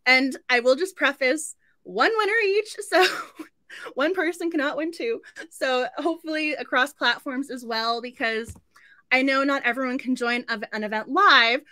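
A woman's voice: high-pitched, moderate pace, sharp tone, dry recording, studio quality. A woman hosting a book club live stream, chatty and effusive, laughing often as she talks. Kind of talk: casual live-stream chat.

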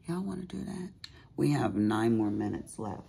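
A woman with a raspy, deep voice chatting casually to viewers at home while she does diamond painting, full of asides. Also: very animated, moderate pace, mellow, a little hiss or hum. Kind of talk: casual chat while crafting.

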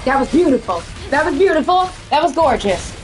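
A tired woman streaming a video game, with a husky voice, reacting crudely and excitedly as she plays. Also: high voice, brisk, rough recording. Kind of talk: casual gameplay commentary. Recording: music playing loudly behind.

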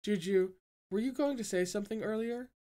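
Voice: mid-range voice, a little fast, mellow, pitched above the performer's own voice, natural voice. A reader voicing a brash, whiny teenage boy in an audiobook, petulant and insistent. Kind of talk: audiobook character reading.

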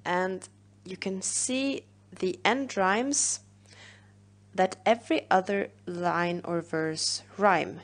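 A woman talks through a poem as a teacher in a recorded lesson. She takes her time and pauses on filler words, with a gravelly fry in her voice. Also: lowish voice. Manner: patient explaining with filler pauses.

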